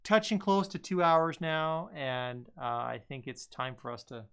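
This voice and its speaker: A man's voice: fairly high pitch, lively intonation, unhurried, a bit bright, clean tone. Easygoing man reading viewer comments. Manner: reads comments aloud, easygoing, with many "uh"s. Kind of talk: casual live-stream chat.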